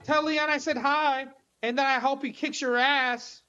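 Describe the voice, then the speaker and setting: A woman's voice: high voice, steady tone, a little slow, sharp tone, dull audio, soft background music, voice pushed up. A woman voicing a defiant young woman hostage with a sarcastic, profane way of talking.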